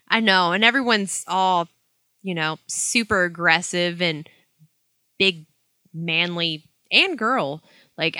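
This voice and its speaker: A young adult woman in casual chat, cursing freely and telling animated stories. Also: fairly low pitch, no echo. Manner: profane, animated storytelling.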